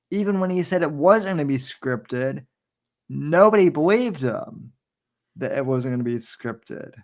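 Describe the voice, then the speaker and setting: Slow-talking easygoing male host. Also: medium pitch. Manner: easygoing, hesitant, many fillers. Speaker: show host. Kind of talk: casual online show chat.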